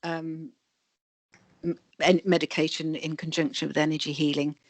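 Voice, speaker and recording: Low-voiced woman explaining energy healing. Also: flat delivery, normal speed, no echo. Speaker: energy healer guest. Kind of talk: interview answers. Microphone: video call.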